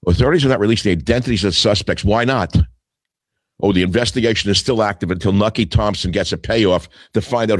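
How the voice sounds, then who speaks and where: A man's voice: deep voice, no room sound. An older man hosting a talk radio show, reading headlines aloud and answering each with sarcastic, scornful asides.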